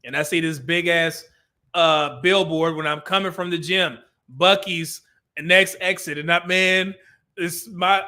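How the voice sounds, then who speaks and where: A man's voice: sits high, fairly even intonation, a little slow, pushed and bright. A man hosting a live stream, chatting casually, reading viewer comments and laughing often. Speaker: livestream host reading chat.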